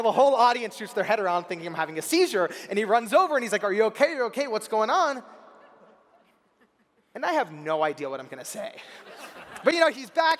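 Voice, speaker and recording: A young man in his twenties giving a keynote speech as a story, acting out the people in it and sometimes bursting into shouts. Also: high-pitched. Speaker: keynote speaker. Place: large convention center hall. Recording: long hall reverb from a PA.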